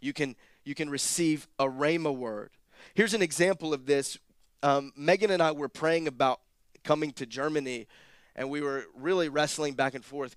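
A man preaching a sermon, his voice a touch high and clear. He moves from easygoing, joking asides to loud, rising exhortation. The sound is close and dry, with no room echo. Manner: animated preaching, rising to near-shouted emphasis, with quick asides. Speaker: pastor.

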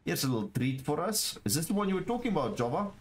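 A man streaming a game live, talking to his chat and exclaiming over what he finds, with low murmurs that jump to excited shouts. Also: fast talker, a little hiss or hum. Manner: excitable, repeats phrases, talks to chat. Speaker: gaming streamer. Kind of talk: live gameplay commentary.

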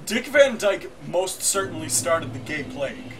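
A man co-hosting a comedy show, trading jokes and spinning rambling, excitable stories. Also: high-pitched, a little slow, background noise. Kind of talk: casual comedic banter.

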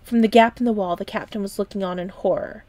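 A woman narrating a children's chapter book aloud. She keeps a soft, gentle reading voice, sometimes dropping almost to a whisper. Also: medium pitch, steady tone, quick pace, no room sound. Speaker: storyteller.

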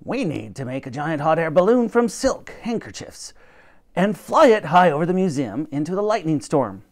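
A man's voice: on the high side, big pitch swings, normal speed, voice pushed up. A man voicing a grand, snappish old professor who commands and lectures. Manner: commanding, pompous, bursts of rising emphasis.

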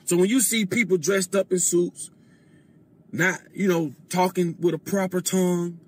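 A man speaking as a guest on a casual podcast, lecturing in a deliberate way and often dropping his voice low. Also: steady tone, breathy edge.

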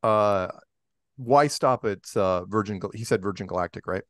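A man's voice: lowish voice, moderate pace, a bit bright, no echo, clean studio sound. A man talking as a podcast guest in a rambling way, full of fillers and restarts. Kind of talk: casual interview talk.

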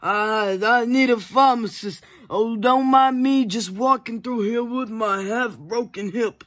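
A man's voice: very high voice, unhurried, fairly bright tone. A man voicing a doddering old grandfather who rambles.

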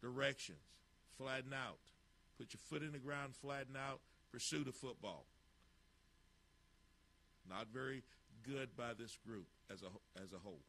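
A man's voice: mid-range voice, steady tone, measured pace, long pauses, sharp tone, slight background noise. A man coaching football, narrating drill footage with blunt, clipped instructions and critiques.

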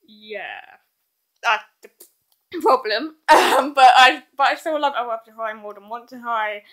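A woman's voice: a little high, a little slow, fairly bright tone. A teenage girl rambling through a doll review in her bedroom, hyper and giggly, filming one-handed on a handheld camera. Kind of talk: casual rambling vlog.

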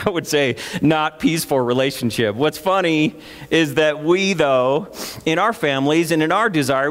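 A man's voice: on the high side, fairly bright tone. Man preaching in a reverberant church. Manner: conversational, storytelling preacher. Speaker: pastor. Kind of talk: sermon. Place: church sanctuary. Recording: long reverb of a church hall.

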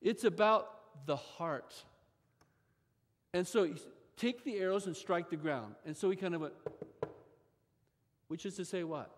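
A man with a notably high voice preaches a sermon with big, expressive swings in force and pitch. The sound carries a long reverb from a large church sanctuary. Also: measured pace, pauses often. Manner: expressive preaching with sharp rises in pitch and volume. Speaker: pastor.

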